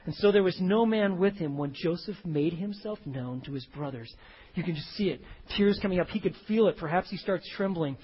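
A man preaching an expository sermon as pastor, emphatic, swinging between hushed and loud delivery. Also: high voice, brisk, husky. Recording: reverberant hall, dull lo-fi sound.

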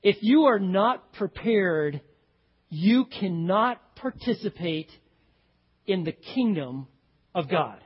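A man preaching a sermon as pastor, animated and acting out the voices of the people in his story. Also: sits high, slow pace, slightly rough. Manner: animated, acts out voices of characters. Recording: dull audio with long hall reverb.

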